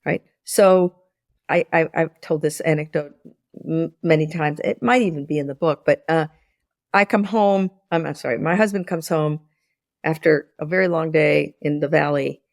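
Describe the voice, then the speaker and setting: A woman's voice: sits low, normal speed, vocal fry, no echo, clean studio sound. A woman in her sixties, a former business school lecturer, explaining ideas in a podcast interview and telling anecdotes in which she acts out the dialogue. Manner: animated storyteller who acts out dialogue with repeated restarts.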